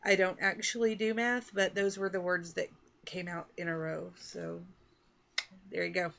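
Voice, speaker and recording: A woman's voice: fairly low pitch, flat delivery, moderate pace, creaky, a bit bright, muffled recording. A woman from Texas and Oklahoma, an author chatting casually to the camera about her reading and writing goals in a rambling, self-deprecating way. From Texas and Oklahoma, USA. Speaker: author and book vlogger.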